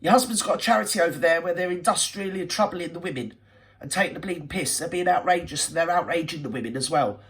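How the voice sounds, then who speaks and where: A woman's voice: lowish voice, fast. A woman hosting a reaction video, scolding and sarcastic in blunt ranting commentary. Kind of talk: ranting commentary over a clip.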